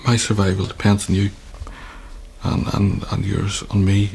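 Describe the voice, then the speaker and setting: An Irish man recalling his time as a hostage in a measured, storytelling interview with wry humour. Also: fairly low pitch, monotone, creaky, a little mellow, husky. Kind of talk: reflective interview recollection.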